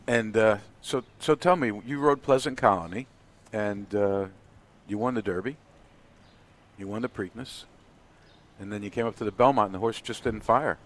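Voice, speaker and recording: A man hosting an interview who asks questions in a relaxed, conversational way. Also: on the low side, normal speed. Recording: faint air-conditioning hum.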